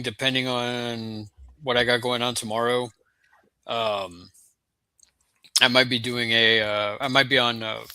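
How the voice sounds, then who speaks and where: Hesitant man, bright dry voice. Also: mid-range voice, dry recording. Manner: hesitant, many fillers. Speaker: guest co-host. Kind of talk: casual chat.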